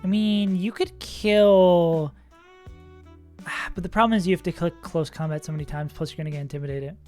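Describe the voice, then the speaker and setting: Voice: mid-range voice, fairly even intonation, normal speed, dark tone. A young adult streamer chatting casually with viewers and reacting aloud while playing a game. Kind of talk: casual gaming stream chat. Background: faint music.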